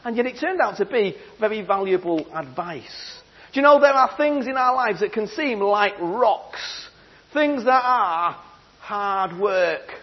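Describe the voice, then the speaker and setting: High-voiced playful storyteller man. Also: expressive, a little slow, husky. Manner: playful, theatrical, asks the audience questions. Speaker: storyteller speaking to children. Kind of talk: animated storytelling talk. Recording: dull lo-fi sound.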